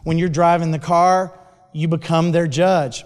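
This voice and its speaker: A man telling a sermon story in an animated way, with frequent restarts. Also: a little high, unhurried, clean tone. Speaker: speaker. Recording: long hall reverb.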